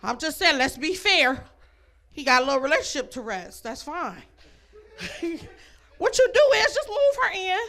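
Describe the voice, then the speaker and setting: A woman's voice: sits high, big pitch swings, moderate pace, long pauses, bright, forceful tone. A woman doing a stand-up comedy set, brash and bawdy, speaking to the ladies in the crowd and laughing at her own jokes. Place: comedy club stage.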